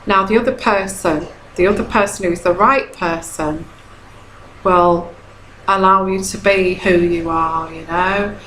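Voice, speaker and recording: A woman's voice: on the low side, fairly even intonation, measured pace, a bit bright. Woman, tarot reader, chatty advice talk, keeps repeating herself, roomy echo, faint background hum. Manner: chatty, repeats herself, frequent "okay?" checks. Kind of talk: casual advice monologue. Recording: echoey room.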